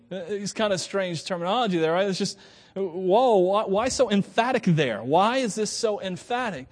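Casting: male pastor with a high, bright voice, chatty sermon delivery, quick to laugh and play out quotes. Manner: lively, conversational, laughs often, acts out quotes.

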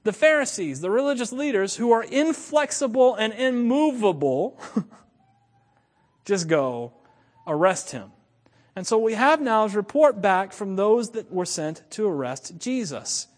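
A man with a fairly high voice preaches a sermon with animated energy. He chuckles often and repeats his points for emphasis. His words ring out with the long reverb of a large hall. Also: normal speed.

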